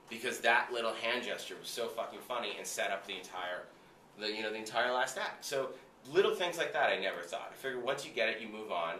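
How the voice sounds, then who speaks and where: An excitable man tells loose anecdotes, leaning on "like" and the odd curse. His voice is bright and forceful. He sits back from the mic in a reverberant room with faint ambience behind him. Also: mid-range voice, brisk, recorded from a distance, a little hiss or hum. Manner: animated, heavy filler "like", frequent swearing. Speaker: guest recalling film work. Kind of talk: casual anecdote telling.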